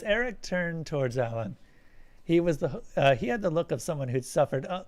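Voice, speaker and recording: Man reading a story live, fairly high voice. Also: expressive, normal speed. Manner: reads with slips and self-corrections. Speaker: streamer reading a story aloud.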